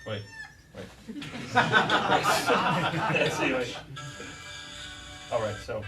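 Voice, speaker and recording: A man giving a guitar clinic in a music store, talking casually to a live audience in a rambling, animated way with lots of fillers. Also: fairly high pitch, very slow, far from the mic, poor audio.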